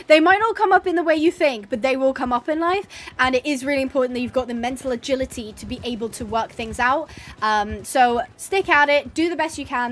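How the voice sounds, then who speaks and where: A woman chatting casually and laughing while playing a horse game as a streamer. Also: on the high side. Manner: chatty, giggly, rambling. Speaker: gaming streamer.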